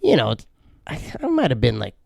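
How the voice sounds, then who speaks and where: A man's voice: mid-range voice, brisk, creaky, slightly rough, no echo. A man co-hosting a podcast in casual chat, telling stories animatedly and acting out the people in them. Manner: animated storyteller acting out voices. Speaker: podcast co-host.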